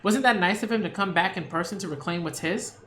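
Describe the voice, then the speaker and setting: Spoiled young woman, bossy, high voice, man doing it, storybook reading. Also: a little hiss or hum. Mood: pleading. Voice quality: high, loud, quick.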